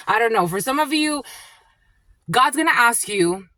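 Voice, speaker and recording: A woman spiritual reader telling a story in a blunt, profane, animated way, calling her listeners her lovies. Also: on the high side, normal speed, pauses often, no room sound. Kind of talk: casual storytelling monologue.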